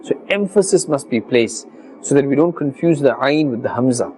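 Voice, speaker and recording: A man teaching Quran reading pronunciation, patiently explaining rules and slowly repeating words as models for his students. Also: mid-range voice, animated, darkish tone, a little hiss or hum, low-quality recording. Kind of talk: religious recitation lesson.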